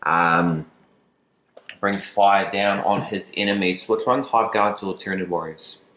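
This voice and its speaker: A man's voice: low voice, a little slow, sharp tone, echoey room, slight background noise. A man casually commentating a tabletop wargame battle, chatty with playful asides. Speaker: battle report host.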